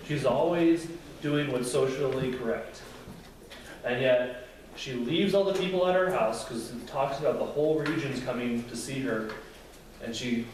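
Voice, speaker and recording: A man's voice: mid-range voice, slight background noise. A young man giving a casual Bible lesson to a youth group, speaking conversationally and acting out quotes with feeling. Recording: very echoey room, distant mic, faint ambience.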